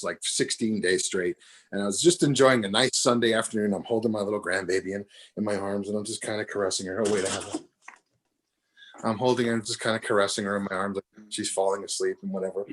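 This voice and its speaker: Older man telling a rambling comic story. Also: mid-range voice. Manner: rambling, self-correcting. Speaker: comedian and minister. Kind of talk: storytelling stand-up. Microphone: video call.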